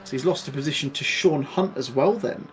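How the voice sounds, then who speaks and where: A man doing live play-by-play commentary on a sim race, excitable and chatty, laughing often. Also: on the high side, brisk, slight background noise.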